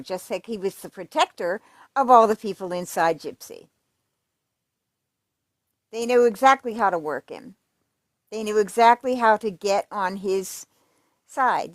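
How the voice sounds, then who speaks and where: A woman's voice: mid-range voice, no room sound, clean studio sound. A woman giving casual true crime commentary, reading letters aloud in a conversational, emphatic way with fillers and restarts.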